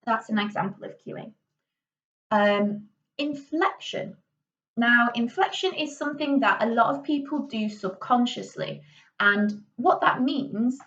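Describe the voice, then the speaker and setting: A woman's voice: fairly high pitch, measured pace, a bit bright. A young woman explaining drama voice skills in a casual tutorial, chatty and demonstrating each one aloud. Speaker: drama teacher. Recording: slightly distant dull lo-fi mic.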